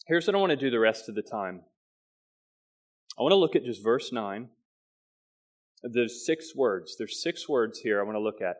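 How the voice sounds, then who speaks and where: Male pastor, mid-pitched voice, emphatic sermon delivery, slows to stress key words. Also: animated. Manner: emphatic preaching, quick asides with slow stressed phrases.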